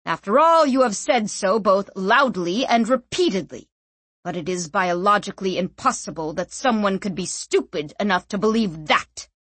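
A woman's voice: medium pitch, lively intonation, normal speed, a bit bright, husky, dry recording. A woman voicing a stern, formal male guard captain who talks in a dry, clipped way, read in an audiobook. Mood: scornful.

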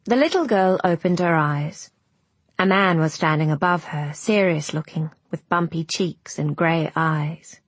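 A woman narrating an audiobook in a slow, measured storytelling manner. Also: sits low, husky, no room sound.

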